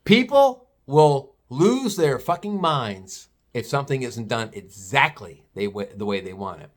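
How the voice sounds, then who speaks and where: A man's voice: medium pitch, a little slow. An older man, a retired butcher, telling a story bluntly with plenty of swearing in a casual vlog. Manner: blunt, profane, animated storytelling.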